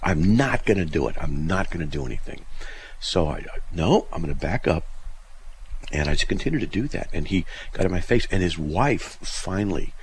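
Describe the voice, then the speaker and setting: Low gravelly guy hosting call-in radio, voice swings all over, faint hiss behind. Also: moderate pace. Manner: animated, laughing, mimics shouting voices in stories. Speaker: radio host. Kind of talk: casual storytelling on call-in radio.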